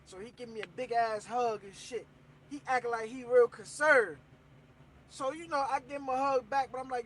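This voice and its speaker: A man's voice: very high voice, normal speed, a little hiss or hum, poor audio. A young man telling a story to camera in a casual, slangy way, acting out what people said. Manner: animated, slangy, acts out quoted voices.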